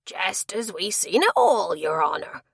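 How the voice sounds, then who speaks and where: A woman's voice: medium pitch, animated, measured pace, vocal fry, fairly bright tone, husky, no room sound, studio quality, full character voice. Woman voicing elderly male villagers, nosy, rustic dialect, chatty. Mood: curious.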